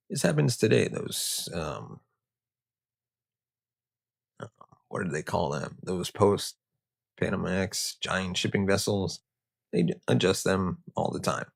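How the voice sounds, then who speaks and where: A man's voice: sits low, gravelly, breathy edge. A man hosting a history show, narrating with joking, conversational asides. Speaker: host.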